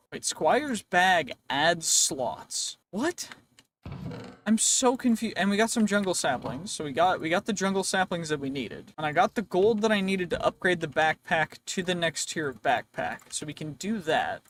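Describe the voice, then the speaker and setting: Brief: male gaming host, high pitch, playful running commentary, slightly worn voice, faint hiss behind. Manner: chatty, playful, thinks out loud. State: voice wearing out. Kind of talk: casual gameplay commentary.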